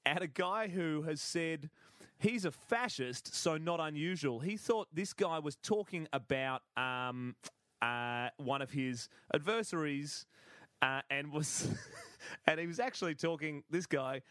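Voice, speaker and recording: A man with a fairly high voice runs through silly headlines in relaxed comedy-podcast chat, chuckling as he goes. His delivery is loose and full of little fillers. The sound is dry and close, with no room echo. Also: a little slow. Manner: chuckling, storytelling with many fillers. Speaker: podcast co-host. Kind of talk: casual comedic news chat.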